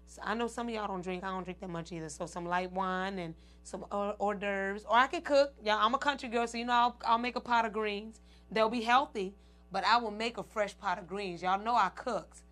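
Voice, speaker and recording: A woman hosting her own show, talking loosely and chattily straight to her audience. She calls them "y'all" and "ladies" and breaks into laughter between thoughts. Her voice sits at an ordinary middle pitch. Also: brisk, fairly bright tone. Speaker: show host. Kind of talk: casual chat to viewers.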